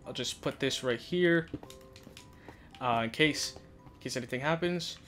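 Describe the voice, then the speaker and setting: A man giving live commentary over his own gameplay, talking to himself and getting loud and giggly when things go wrong. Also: mid-range voice, unhurried, soft background music. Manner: excitable, talks to himself, yells and laughs under pressure. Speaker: gaming YouTuber.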